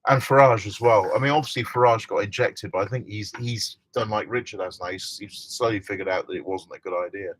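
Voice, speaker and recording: A man's voice: on the low side, fairly quick, hardly any pauses, no room sound. A middle-aged man hosting a casual live stream from inside a motorhome, chatting and reading out viewer comments with frequent laughs.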